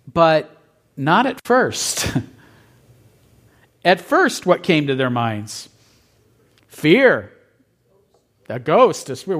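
Male pastor, middle-aged, measured sermon delivery, slightly high voice, friendly questions to listeners. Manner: conversational, asks the audience questions with a light laugh. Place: church.

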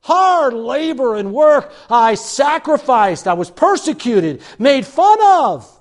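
Older preacher man, lively high voice. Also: takes it slowly. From Chicago, USA. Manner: animated, dramatic, jokey and self-mocking. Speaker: pastor. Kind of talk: storytelling sermon.

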